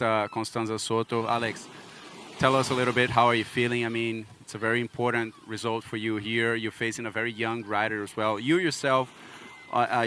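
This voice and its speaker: A man's voice: mid-range voice, sharp tone, a little hiss or hum. Upbeat man reporting from the beach. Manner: encouraging, upbeat interviewer. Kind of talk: live sideline interview.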